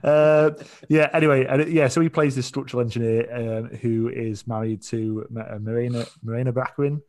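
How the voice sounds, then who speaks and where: A man's voice: mid-range voice, fairly even intonation, a little fast, a little mellow. A man co-hosting a podcast, chatting easily about a film and laughing along. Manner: laughing, easygoing, meandering. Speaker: podcast co-host. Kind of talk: casual film chat.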